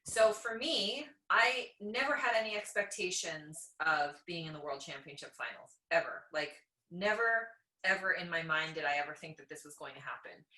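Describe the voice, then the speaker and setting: A Canadian woman in her thirties, a podcast guest, telling lively stories in casual conversation and laughing often. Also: fairly low pitch. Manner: animated storyteller, laughs often. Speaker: podcast guest, jiu-jitsu black belt. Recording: echoey room.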